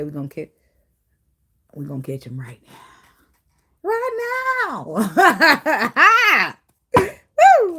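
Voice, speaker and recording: A woman giving a casual spiritual tarot reading, swearing freely and jumping into high acted quotes. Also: darkish tone, husky. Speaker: tarot reader.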